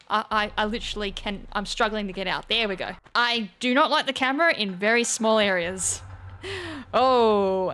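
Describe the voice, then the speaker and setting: This is a fairly bright, mid-range female voice. She's a gaming channel host giving loose let's-play commentary while she plays, thinking through moves aloud, mocking her own errors and blurting out sudden exclamations.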